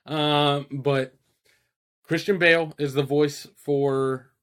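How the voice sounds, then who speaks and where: A man's voice: fairly high pitch, steady tone, takes it slowly, fairly bright tone, smooth. A man co-hosting a podcast, chatting casually about films in a rambling, profane way, full of fillers and quoted asides. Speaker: podcast co-host. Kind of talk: casual chat reviewing films.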